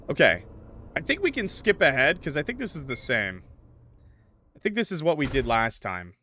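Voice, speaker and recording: A man's voice: fairly high pitch, big pitch swings, normal speed, bright, forceful tone, slight background noise. A man streaming a horror game from his home room at the PC, chatting with viewers, joking and reading the game's narration aloud. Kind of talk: casual livestream commentary and reading game text. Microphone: desk mic with noise suppression.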